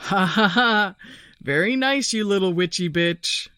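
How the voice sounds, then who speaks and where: Woman doing a panicked shouting young man. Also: deep voice, expressive, slow, dry recording, studio quality, exaggerated voice. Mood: forced bravado. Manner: shouting, urgent.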